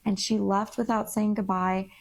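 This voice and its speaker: A woman's voice: mid-range voice, flat delivery, moderate pace, vocal fry. A young woman telling a candid vlog story in a frank, rambling, exasperated way. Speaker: vlogger.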